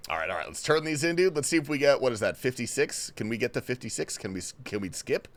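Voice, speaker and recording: Young male streamer from Australia, loose and profane, with a lively, bouncy delivery. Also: mid-range voice, fast. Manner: reads chat questions aloud and answers loosely, swearing often. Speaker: livestream host. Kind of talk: casual gaming stream chat. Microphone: headphones and desk mic.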